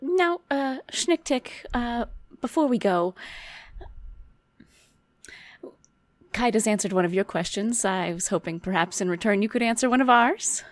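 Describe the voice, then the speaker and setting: A woman's voice: a little high, expressive, moderate pace, few pauses, no echo, lightly acted. A courteous young artificer merchant talks formally and a little nervously, as a woman plays her. Her words come with small stumbles and restarts. The recording is dry and close. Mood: eager.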